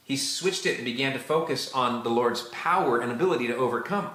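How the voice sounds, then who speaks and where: A man's voice: mid-range voice, quick pace, hardly any pauses, sharp tone, echoey room. A man preaching a sermon in an earnest, repetitive way, acting out prayers as he speaks. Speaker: pastor.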